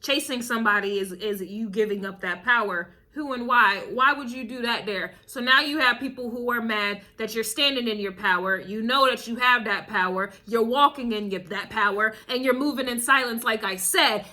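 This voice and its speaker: A woman reads tarot in a casual, spiritual way, her voice a little high, bright and forceful, at a normal speed with few pauses. She reads tarot and astrology, speaks emphatically, repeats phrases, laughs often and calls the listener baby.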